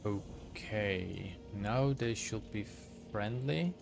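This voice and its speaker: A man's voice: on the low side, extremely slow, vocal fry. A man streaming a video game and chatting easily with his viewers as he plays. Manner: easygoing, chats with viewers while playing. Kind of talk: casual live-stream chat while gaming. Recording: game music playing under the voice. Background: game music.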